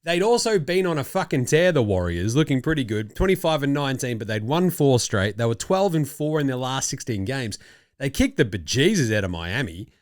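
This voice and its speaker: A man's voice: mid-range voice, a little fast, dry recording. Aussie bloke chatting sports on his show, swears a lot, bounces around, dry mic. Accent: Australian. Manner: animated, swearing, laughing asides. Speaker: podcast host. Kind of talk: casual sports talk.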